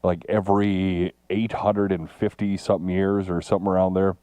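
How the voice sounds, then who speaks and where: Mellow-voiced male radio co-host. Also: low-pitched, level tone, moderate pace, clean tone, no room sound. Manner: easygoing, chatty with filler ums. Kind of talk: casual radio chat and weather read. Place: radio studio.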